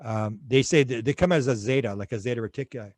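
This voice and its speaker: Speaking fast in a darkish, medium-pitched voice with no echo, a male interview guest rambles through stories. The conversation is loose, and he restarts his sentences many times.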